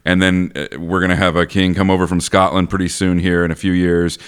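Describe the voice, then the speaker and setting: Casting: man, very low smooth voice, chatty co-host talking plays. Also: a little fast. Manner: animated, thinks aloud with restarts and laughs. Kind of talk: casual literary discussion.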